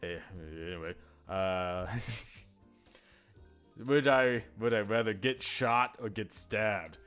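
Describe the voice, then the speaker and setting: A man's voice: fairly low pitch, takes it slowly, a bit bright, clean tone, soft background music. A man hosting his own video, chatting casually to viewers in a rambling, self-mocking way with frequent chuckles. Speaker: YouTuber host. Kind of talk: casual solo chat to viewers.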